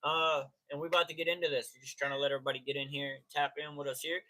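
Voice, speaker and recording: Dude hosting a sports live stream, kinda high bright voice, slangy, shouts out chatters by name. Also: male voice, level tone, racing. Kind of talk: casual live stream chat.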